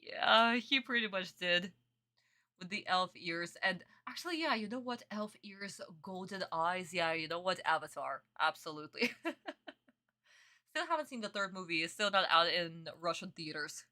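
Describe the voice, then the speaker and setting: A woman's voice: on the low side, lively intonation, moderate pace, pushed and bright. A young woman streaming her reaction to a dubbed anime, chatting casually with viewers, exasperated, swearing and bursting into laughs.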